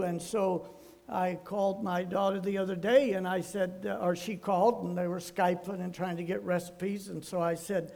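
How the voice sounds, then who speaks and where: A man's voice: high voice, fairly even intonation, normal speed, vocal fry, a little mellow. An older man, a pastor, giving a folksy sermon full of homespun, rambling anecdotes.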